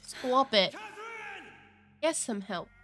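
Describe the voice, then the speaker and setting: Giggly high-voiced woman streamer. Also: expressive, drawn-out words, a bit bright, soft background music. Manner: giggly and flustered, laughs often. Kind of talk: casual live-stream chat.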